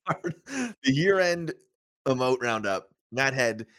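A man's voice: mid-range voice, very animated, slow pace, fairly bright tone, no echo, studio quality. A man co-hosting a casual livestream review chat, thinking aloud and often repeating words as he hesitates. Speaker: co-host.

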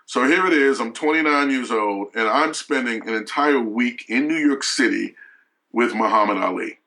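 Bright-voiced man telling a story. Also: mid-range voice, animated, low-quality recording. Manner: halting, with frequent restarts and fillers. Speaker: guest. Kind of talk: emotional storytelling.

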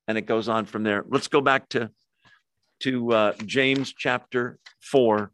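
A man's voice: mid-range voice, fairly even intonation, fairly bright tone, no echo, studio quality. Conversational man teaching Bible study. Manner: conversational, with pauses, fillers and quick asides.

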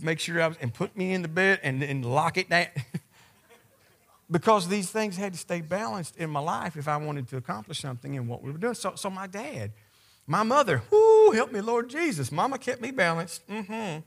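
A man's voice: fairly high pitch, sharp tone. A man preaching a sermon as pastor, speaking in a conversational yet emphatic way and addressing the congregation directly.

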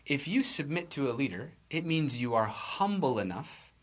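A male pastor giving a sermon in a loose, conversational way, stumbling over restarts and laughing lightly at himself. His voice is bright and forward, and his pitch swings widely as he speaks. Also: sing-song, moderate pace.

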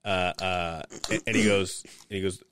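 A man's voice: low-pitched, fairly even intonation, normal speed, a bit bright, a little hiss or hum. A man co-hosting a podcast, laid-back and profane, laughing often as he tells stories. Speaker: podcast co-host. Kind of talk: casual chat.

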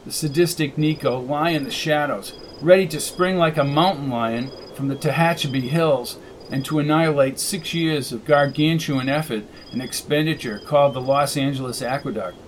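A man narrating a science fiction audiobook with steady, measured storytelling. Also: on the high side, a little hiss or hum, low-quality recording. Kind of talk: scripted narration.

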